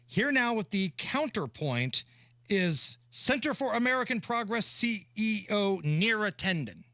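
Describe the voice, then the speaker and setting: A man co-hosting a talk radio show, talking in an animated, sarcastic way into a studio microphone. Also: high voice, measured pace, no echo. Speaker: radio co-host.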